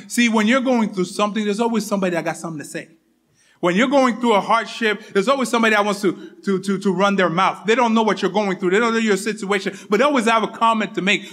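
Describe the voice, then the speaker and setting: Bright high-voiced male preacher. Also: fast. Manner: repetitive, emphatic, often drops to a soft intimate tone. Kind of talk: sermon.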